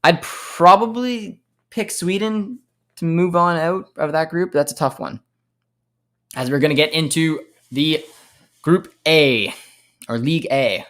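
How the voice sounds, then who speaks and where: Casual young Canadian stream host. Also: male voice, fairly high pitch, unhurried, fairly bright tone. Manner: reads viewer comments aloud and answers them, laughing often. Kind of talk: casual live-stream chat.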